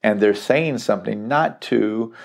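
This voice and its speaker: A man's voice: on the low side, unhurried, creaky, darkish tone. A middle-aged man teaching through a Bible passage verse by verse, emphatic and repeating key phrases for stress.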